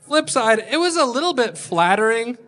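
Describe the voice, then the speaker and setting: A man doing stand-up at a comedy club, telling a long story in a deadpan way and acting out what people said. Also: very high-pitched, moderate pace. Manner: deadpan delivery with acted-out quotes.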